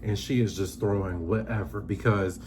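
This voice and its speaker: A man hosting a casual reality TV recap, talking sassy and animated, acting out quotes in high voices. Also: moderate pace, slight background noise. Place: indoors, seated on a squeaky chair.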